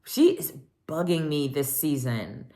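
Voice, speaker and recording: A woman hosting a casual TV recap, chatty and animated, often acting out what people said. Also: low voice, slow. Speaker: recap podcast host.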